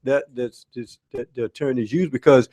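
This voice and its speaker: A man's voice: medium pitch, steady tone, moderate pace, mellow. A man on sports talk radio chiming in with short, wry remarks. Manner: brief wry interjections. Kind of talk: casual sports talk interjections.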